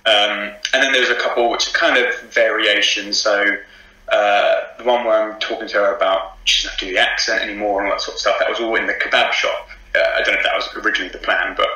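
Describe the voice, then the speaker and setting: Bright-voiced posh English man, laughing. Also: on the low side, level tone, fast, echoey room, poor audio. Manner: hesitant, many ums, laughs often. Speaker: actor interviewed as guest. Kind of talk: casual interview chat.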